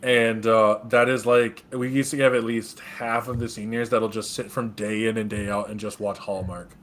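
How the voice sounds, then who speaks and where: Quiet man chatting casually. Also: lowish voice, level tone, moderate pace, slight background noise. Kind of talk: casual chat.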